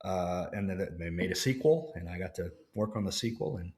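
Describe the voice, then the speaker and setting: A man from Louisiana talks as an interview guest, and his voice sits fairly low. He tells stories in a loose, relaxed way, full of fillers and self-corrections. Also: fairly quick, a little hiss or hum. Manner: relaxed storyteller, many fillers and restarts. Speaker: actor guest. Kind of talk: casual interview chat.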